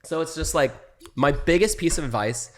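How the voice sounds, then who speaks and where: A man's voice: a little high, normal speed. A young man, a podcast guest, talking casually and animatedly, swearing freely and acting out what his friends said. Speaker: podcast guest, social media creator. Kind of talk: casual chat.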